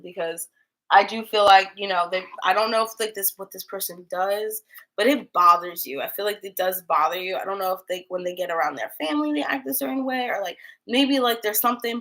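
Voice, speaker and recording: A woman's voice: medium pitch, a bit bright. A young woman giving tarot readings in a loose, rambling livestream chat, full of filler words and asides. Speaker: tarot reader.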